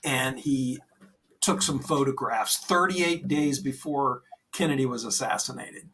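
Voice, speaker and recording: Slow, earnest man, a bit off-mic. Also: medium pitch, distant mic, a little hiss or hum. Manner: earnest, gentle, reassuring, with many "you know"s. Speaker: podcast co-host. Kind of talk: conversational faith talk.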